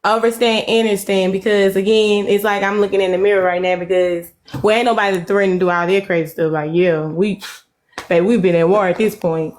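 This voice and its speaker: A woman's voice: medium pitch, steady tone, fairly quick, darkish tone, slight background noise. A woman in a heated live-stream chat, talking bluntly and confrontationally in casual slang, into a phone. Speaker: livestream guest.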